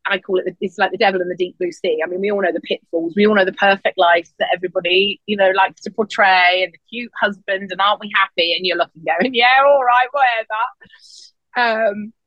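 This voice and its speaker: Speaking at a quick pace with few pauses, a woman tells energetic stories in a casual podcast chat. Whenever she quotes someone, she acts it out in a high voice. The sound is dry and a little dull, with no room sound.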